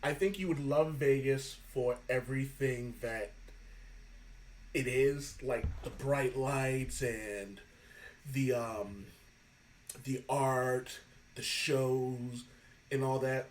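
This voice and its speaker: A man hosting a podcast, telling animated stories in casual chat, swearing freely and laughing often. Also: medium pitch, takes it slowly, long pauses, recorded from a distance, poor audio. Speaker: podcast host.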